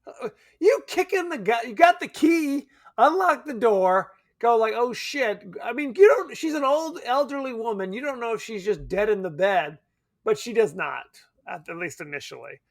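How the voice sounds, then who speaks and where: A man co-hosting a podcast in casual chat, animated, laughing often and swearing casually. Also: very high-pitched, normal speed. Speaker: podcast co-host. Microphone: remote podcast mic.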